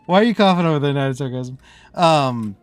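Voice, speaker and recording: A man's voice: on the high side, animated, normal speed, smooth, no room sound, faint music behind. A man from the US Midwest streaming a game, chatting casually as he plays, rambling and breaking off mid-thought with frequent laughs. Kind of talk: casual live-stream commentary.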